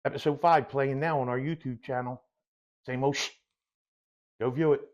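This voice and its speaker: A man's voice: mid-range voice, fairly even intonation, moderate pace, a little mellow. A middle-aged man co-hosting a podcast, bantering with blunt wisecracks in casual chat. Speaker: podcast co-host. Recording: dull, lo-fi sound.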